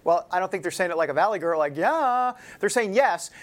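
A political talk show host talks in a loose, opinionated way. He slips in jokes and asides to the audience. His voice sits at a middle pitch. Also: rapid-fire.

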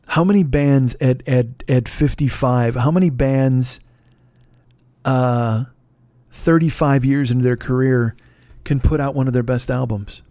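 A man hosting a podcast, chatting casually about music as an excitable fan who swears constantly and gushes with enthusiasm. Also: medium pitch, no room sound, studio quality. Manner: excitable, heavily profane, fan gushing. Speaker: podcast host.

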